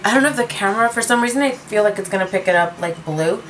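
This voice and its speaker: A woman's voice: mid-range voice, lively intonation, fast talker, noisy background. A woman reviewing lipsticks in a casual, rambling chat from her room at home, dropping in Spanish words as she talks. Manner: rambling, chatty, self-mocking. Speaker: beauty vlogger reviewing lipsticks.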